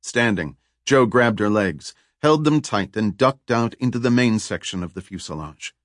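Man, audiobook narrator, low voice, dry close recording. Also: animated, normal speed, no echo. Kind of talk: scripted thriller narration.

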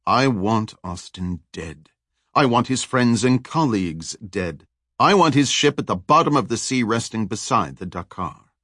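A man's voice: fairly low pitch, expressive, measured pace, a bit bright, dry recording, clean studio sound. A man reading a ruthless female boss who gives cold, commanding orders.

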